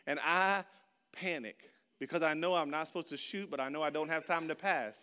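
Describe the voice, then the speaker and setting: A man's voice: fairly high pitch, a little fast, clean tone. A man preaching a sermon, telling a funny story with acted-out voices and speaking directly to his listeners. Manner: animated storyteller, acts out voices and shouts; addresses the audience directly.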